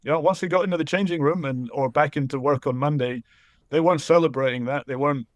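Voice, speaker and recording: A middle-aged man from Scotland with a Scottish accent softened by years abroad, speaking earnestly as a guest and repeating words for emphasis. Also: fairly high pitch, fast, dry recording. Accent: Scottish, softened by years in New Zealand. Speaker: rugby writer, guest. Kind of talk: casual chat.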